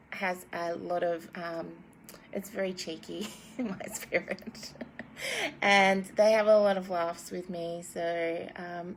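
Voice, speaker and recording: A woman's voice: mid-range voice, a little hiss or hum. A woman in her thirties, a spiritual guide who chats casually with giggles and fillers, then leads a guided meditation. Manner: gentle, giggly and rambling, with many fillers. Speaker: spiritual guide and card reader.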